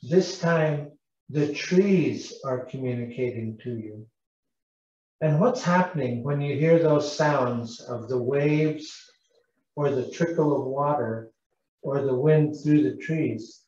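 Slow, mellow-voiced man telling stories. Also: medium pitch. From British Columbia, Canada. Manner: gentle, unhurried, asks listeners questions. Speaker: Indigenous cultural interpreter. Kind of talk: storytelling lesson for schoolchildren. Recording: echoey, distant, dull live broadcast sound.

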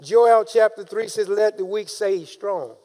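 A man preaching a sermon, calling out to the congregation and rising into shouted emphasis. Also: high voice, unhurried. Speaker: pastor.

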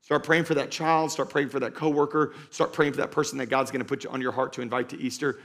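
A man preaching a sermon to a live congregation as pastor, driving points home by repeating them and moving between loud urging and slow, quiet emphasis. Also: medium pitch, little pitch movement, vocal fry. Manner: emphatic, repeats key lines for stress. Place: church stage before a live congregation.

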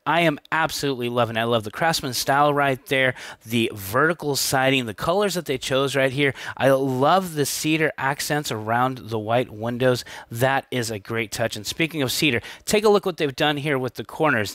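A man's voice: on the high side, a bit bright, no echo. An enthusiastic man hosting a casual walkthrough of a home, chatty and upbeat, stumbling into restarts now and then. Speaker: home tour host. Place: inside a manufactured home at a show.

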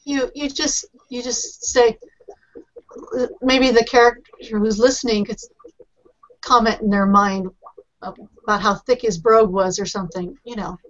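A woman's voice: fairly high pitch, fairly even intonation, a little slow. A woman editor explaining writing craft in a casual panel discussion, talking in a chatty, explanatory way. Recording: muffled lo-fi recording.

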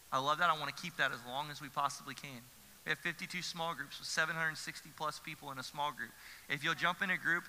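A man's voice: a little high, pushed and bright, slight background noise. A man, a pastor preaching an earnest sermon with emphatic repetition. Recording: church hall reverb.

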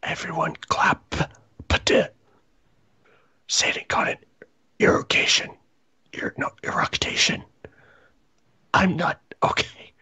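A man doing a comedic, mock-dramatic reading of fan fiction, reading the punctuation aloud in a breathy half-whisper. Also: slow, long pauses, sharp tone. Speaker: reader.

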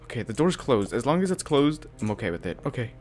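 A young man giving jumpy, excitable let's-play commentary on a horror game, swearing often and calling the viewer dude. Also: medium pitch, fast talker, faint music behind. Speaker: gaming video creator. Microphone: headphones and desk mic.

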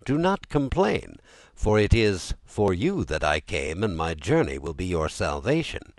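A male audiobook reader voicing a young, ambitious magistrate who talks in quick, high-strung questions. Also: very animated, no echo, clean studio sound, heavily acted. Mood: earnest.

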